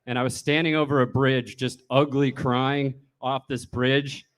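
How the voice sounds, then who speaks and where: A comedian giving a humorous eulogy in a bar, telling stories casually and swearing freely. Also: male voice, medium pitch, little pitch movement, a little slow, clear, resonant tone.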